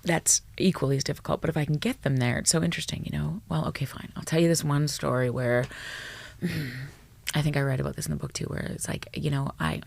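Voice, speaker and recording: A woman, a psychologist guest on a podcast, telling stories in an animated, blunt way, swearing freely and dropping to a hushed tone at tender moments. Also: low-pitched, fairly quick, gravelly. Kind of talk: storytelling in a podcast interview.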